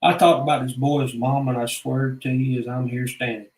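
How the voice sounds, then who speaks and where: Telling tales from his own life, a vlogger goes on in a rambling, blunt, profanity-laced way. The room echoes, and his mid-range voice is level in tone, a little mellow, and moves at a normal speed.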